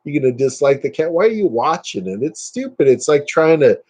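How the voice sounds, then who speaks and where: A man hosting a casual live stream, chatting with viewers and ranting dismissively, his pitch jumping up when he gets worked up. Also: lively intonation, fairly quick, a little mellow, slightly rough.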